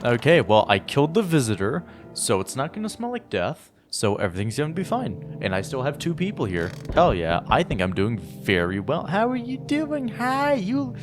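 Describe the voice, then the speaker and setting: A man's voice: medium pitch, sing-song, brisk, hardly any pauses. A man giving casual, jokey commentary while playing a game and thinking aloud. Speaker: gameplay streamer. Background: game music.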